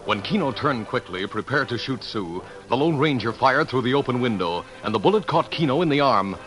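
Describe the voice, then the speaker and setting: A man narrating a 1940s radio Western in a dramatic announcer voice. His pitch rises and falls with lively swings while music plays clearly beneath him. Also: a little fast. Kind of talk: scripted narration.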